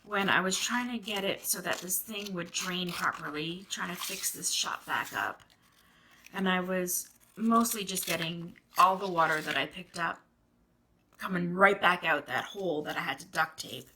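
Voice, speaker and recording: A woman and mother chatting casually to her viewers as she crafts, expressive and given to rambling asides. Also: on the low side, moderate pace, background noise. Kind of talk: casual chat while crafting.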